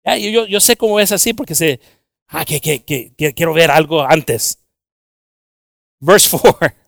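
A man's voice: a little high, normal speed, creaky, fairly bright tone, dry recording. A man preaching a bilingual sermon, switching between Spanish and English with joking asides.

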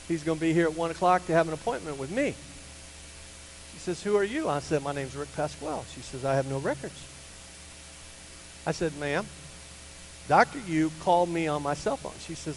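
An older man, a pastor, telling a personal story in a sermon to a church, animated and rising to loud, emphatic peaks. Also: fairly high pitch, moderate pace, pauses often. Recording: hall reverb with faint hum.

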